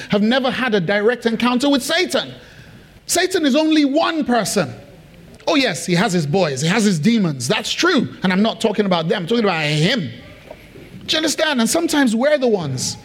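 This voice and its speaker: A preacher delivers a sermon in a notably high voice for a man. He repeats phrases for emphasis and keeps checking in with the congregation, pressing each point home. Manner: emphatic and repetitive, asks the congregation questions. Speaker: pastor.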